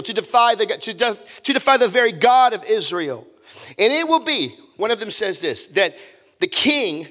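A man preaching a sermon as pastor, telling a story with lively, casual acted-out quotes. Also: sits high, long reverb tail. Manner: animated storytelling, acts out quotes in casual voices. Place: church auditorium.

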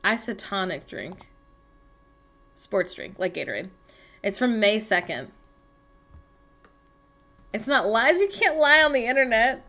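A woman's voice: medium pitch, big pitch swings, measured pace, long pauses, pushed and bright. A young woman chatting playfully and teasing on a casual livestream from home. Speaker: livestream co-host. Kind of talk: casual chat on a productivity livestream.

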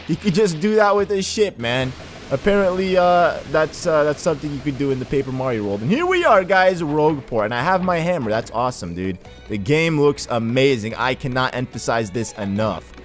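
Young male let's play host, excitable and slangy, lively pitch. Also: a little fast, soft background music. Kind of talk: gameplay commentary.

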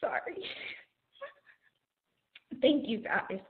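A woman teacher, choked up and emotional, thanks her colleagues with halting pauses. Her voice comes through a thin, phone-like video call line. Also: on the high side, sing-song. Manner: hesitant, many pauses. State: emotional, near tears. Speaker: award winner, teacher.

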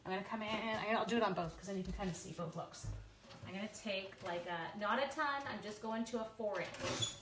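A woman's voice: mid-range voice, fairly quick, fairly bright tone, a little hiss or hum. A woman hosting a live craft demonstration, chatting playfully with viewers and teasing herself as she works. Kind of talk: casual live craft demo.

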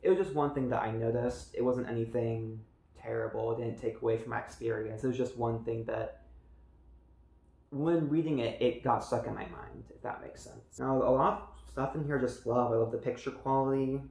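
An earnest man from the United States gives a casual book review to camera. He speaks at a middle pitch with a gravelly edge of vocal fry, wanders through fillers and restarts, and the room gives his voice a noticeable echo. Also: fairly even intonation, moderate pace, darkish tone.

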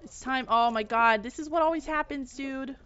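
A woman streaming a video game, giving excitable live commentary, yelling and swearing at the game. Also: high voice, moderate pace, lo-fi sound, slight background noise.

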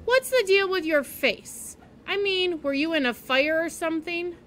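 A woman's voice: extremely high pitch, unhurried, a bit bright, pitched above the performer's own voice. A woman doing a sneering rude schoolboy. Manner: sneering, mocking. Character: rude sarcastic schoolboy, about ten.

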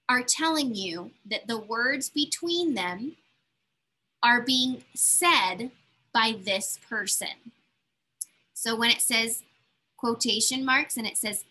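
A woman teacher walks young children through a reading lesson, speaking slowly and patiently. Her voice is bright, a bit high and slightly breathy. She keeps the tone encouraging throughout. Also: lively intonation. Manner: patient and encouraging, coaxing young learners along. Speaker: elementary school teacher.

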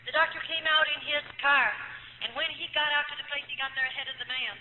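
A woman's voice: high voice, fairly even intonation, fast, slight background noise. A former nun giving an emotional personal testimony, telling her story earnestly and acting out the dialogue of the people in it. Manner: earnest storytelling, acts out quoted dialogue, frequent "you know". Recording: tinny lo-fi archive recording in an echoey hall.

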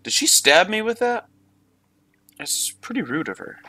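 A man talking his way through a game in a let's play, with a bright, forceful voice. He swears freely and keeps up a running chat with himself and the screen. The sound is close and dry. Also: high voice, sing-song, unhurried, no room sound. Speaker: gamer. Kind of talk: let's play gameplay commentary.

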